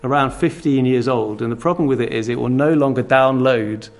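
A man preaching a sermon, earnest and animated, telling stories and asking rhetorical questions. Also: mid-range voice, fairly quick.

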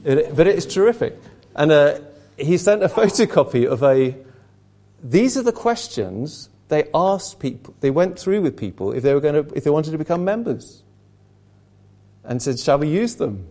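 A male preacher delivers an earnest sermon, with his pitch rising and falling in lively swings. His voice sits a little high for a man but has a warm, mellow tone. He presses each point home with emphasis. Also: normal speed. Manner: earnest, emphatic, reads questions aloud to the congregation.

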